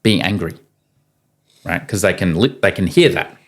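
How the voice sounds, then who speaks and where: A man with a low voice and normal speed is a guest in a podcast studio room, casually telling stories. He's animated and puts energy into acting out the voices of the people he quotes.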